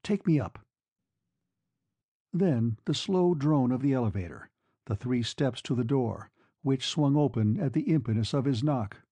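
A man narrating a classic novel in a measured, expressive audiobook reading. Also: mid-range voice, no room sound.

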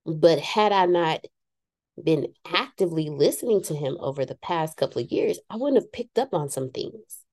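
A woman's voice: deep voice, animated, moderate pace, darkish tone. A woman co-hosting a casual talk show about spiritual growth, speaking candidly and poking fun at herself with preachy asides. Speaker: podcast co-host.

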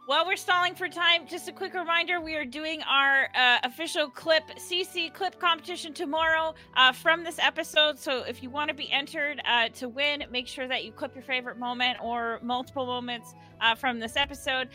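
Bright high-voiced woman co-hosting. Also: fairly even intonation, a little fast, few pauses, soft background music. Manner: chatty, giggly. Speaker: co-host and player. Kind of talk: live-streamed tabletop game chat.

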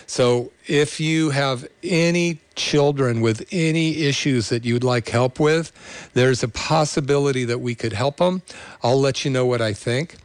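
Earnest, halting man telling a story. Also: medium pitch, smooth, dry recording. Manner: earnest, halting, with many fillers and restarts. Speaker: chiropractor. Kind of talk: storytelling to an audience.

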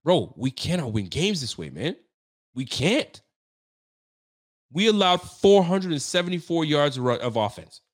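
A man's voice: on the high side, sing-song, unhurried. A young man hosting a sports podcast, giving a frustrated, slangy postgame rant that keeps repeating its points.

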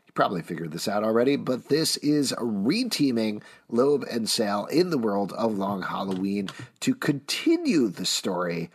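Animated husky man hosting a podcast. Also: lowish voice, normal speed. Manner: wry, animated, leads the talk. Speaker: podcast host. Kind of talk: casual chat.

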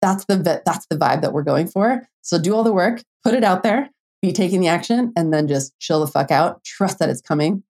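A young adult woman talking on her own podcast as a dating coach. Her voice sits a little low, and she speaks in a relaxed, chatty way full of filler words and now and then a curse. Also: brisk. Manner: casual, chatty, lots of "like", mild swearing, playful quoted inner voices. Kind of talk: solo podcast monologue.

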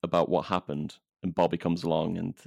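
A man hosting a podcast, talking in a relaxed, rambling way with many restarts. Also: low voice, brisk, vocal fry, no room sound. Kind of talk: casual podcast chat.

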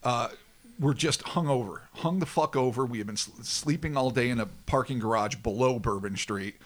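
Man, podcast co-host, casual chat, swears freely, animated storyteller, mid-pitched voice. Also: moderate pace.

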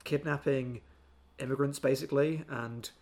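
Man, casual film review chat, animated, mocking, middle pitch. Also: normal speed. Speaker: podcast co-host.

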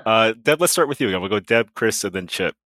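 Deep-voiced man hosting a podcast. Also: fast talker, dry recording. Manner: relaxed, filler-heavy. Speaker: podcast host. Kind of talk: casual chat.

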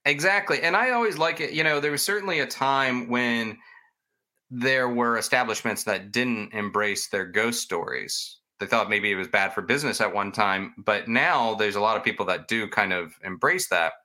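A podcast host tells ghost stories in a casual, chatty, rambling way, poking fun at himself. His mid-range voice moves at normal speed and sounds pushed and bright.

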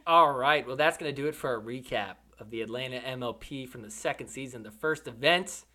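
A man hosting a podcast, giving casual, joking commentary over sports highlights. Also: brisk, pushed and bright. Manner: playful, joking, laughs often. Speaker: podcast host.

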